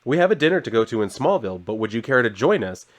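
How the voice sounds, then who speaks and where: A man reading the lines of a calm, steady superhero father from a comic. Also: medium pitch, quick pace, lightly acted. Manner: plainly read aloud.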